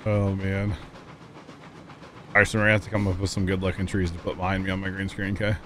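A male streamer with a fairly low voice talks in a relaxed, easygoing way. He chats casually with his co-player and thanks viewers by name, turning reflective at times. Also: fast, background noise. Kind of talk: casual livestream chat.

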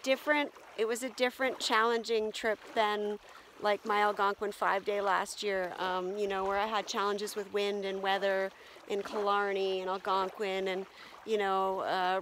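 A woman's voice: medium pitch, fairly bright tone, a little hiss or hum. Woman vlogging alone outdoors by a lake. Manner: reflective, many ums and pauses. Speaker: solo camping vlogger. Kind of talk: outdoor travel vlog.

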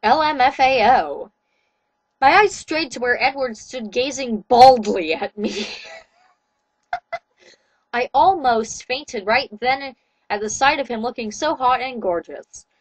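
A woman reads fan fiction aloud in a deadpan style and drops in wry asides. Her voice is high and sits close to the mic, with a dry sound. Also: slow, pauses often, dry recording, low-quality recording. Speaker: reader. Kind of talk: comedic reading of fan fiction.

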